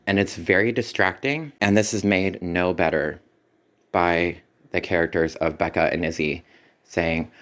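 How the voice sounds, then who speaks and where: A man's voice: deep voice, steady tone, unhurried, a bit bright. A man giving a spoken movie review in a critical, sarcastic way. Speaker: film reviewer.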